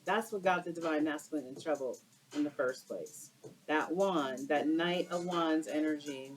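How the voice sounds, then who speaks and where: A woman's voice: low voice, normal speed, faint music behind, poor audio. A woman doing a casual tarot card reading for her viewers, exclaiming and using slang as she turns the cards. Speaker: tarot reader.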